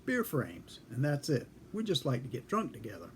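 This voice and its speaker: A man's voice: medium pitch, huge pitch swings, moderate pace, a little hiss or hum. A man telling a casual story in a folksy, dry way, acting out both sides of a conversation. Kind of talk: casual spoken anecdote.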